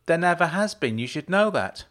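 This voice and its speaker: A man's voice: medium pitch, very animated, normal speed, gravelly, fairly bright tone, voice pushed up, exaggerated voice. A man reading a story aloud, voicing a young woman who protests and pleads that nothing improper happened. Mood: pleading.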